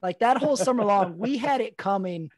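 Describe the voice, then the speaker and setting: A man's voice: high voice, lively intonation, fairly quick, no room sound, clean studio sound. A man from El Paso, Texas chatting casually on a podcast, laid-back with lots of "like". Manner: laid-back, laughs along, filler "like". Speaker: podcast co-host. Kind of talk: casual chat.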